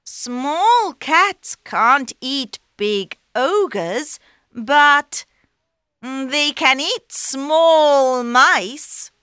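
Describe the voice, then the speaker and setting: A woman voicing a clever male talking cat in a storybook, high-pitched and excitable. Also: very slow, no room sound, studio quality, full character voice. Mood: eager. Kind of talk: storybook reading.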